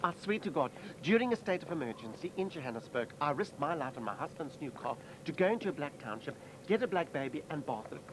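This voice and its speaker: A man's voice: a little high, very animated, fast, hardly any pauses, background noise. A man playing a brash, gossipy middle-aged woman socialite with a South African accent in a sitcom. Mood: chatty. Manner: gossipy, theatrical, calls people doll. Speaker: lead comic character. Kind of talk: sitcom comedy acting.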